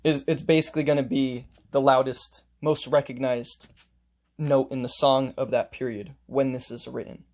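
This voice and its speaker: A man's voice: mid-range voice, steady tone, normal speed, a little mellow. A man teaching a casual music lesson, explaining note markings step by step and playing examples on his instrument.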